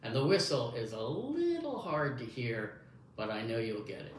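A man's voice: mid-range voice, big pitch swings, normal speed. A man running a hearing test demonstration, speaking to the listener in an encouraging way, as if to a young child. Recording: echoey room, faint background noise.

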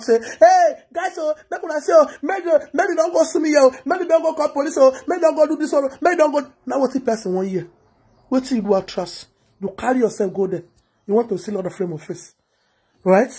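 A woman's voice: high voice, darkish tone, husky. A Nigerian woman blogger giving a heated, scolding commentary, repeating herself as she rants. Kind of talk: ranting commentary vlog.

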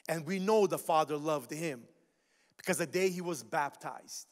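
A man preaching a sermon as pastor, lively and casual, full of asides and repeated phrases. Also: fairly high pitch, moderate pace, in a large hall. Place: large church hall.

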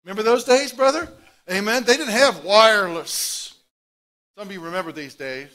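A middle-aged man preaching a sermon as pastor, telling stories with animated swings from loud outbursts to hushed asides. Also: high voice, normal speed.

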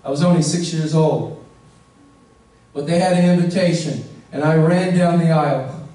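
A man's voice: a little high, fairly even intonation, moderate pace, dark tone. A male pastor preaching a sermon, earnest and questioning his listeners directly, leaning hard on key words. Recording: echoey room, voice from far off.

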